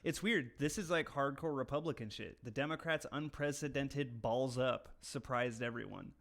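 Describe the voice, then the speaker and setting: A man's voice: mid-range voice, moderate pace, creaky, fairly bright tone. A young American man co-hosting a podcast, joking crudely and reading slang aloud in casual chat. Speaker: podcast co-host.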